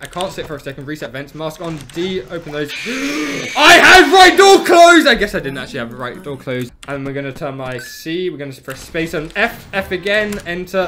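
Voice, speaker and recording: A young man streaming a video game, rattling off his controls under his breath and breaking into panicked shouts. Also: on the high side, background noise. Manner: rapid muttered narration of controls, bursts of panicked shouting. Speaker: gameplay streamer. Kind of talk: let's play commentary.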